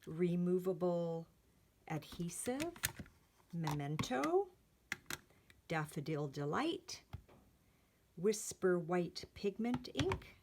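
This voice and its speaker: An older woman with a fairly low-pitched voice hosts a card-making channel, walking through a craft tutorial gently and earnestly. She pauses often and uses many fillers, with background noise present.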